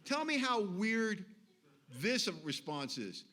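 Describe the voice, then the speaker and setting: A middle-aged man speaking at a recovery meeting, telling his story in an animated way and acting out the people he quotes. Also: high-pitched, takes it slowly.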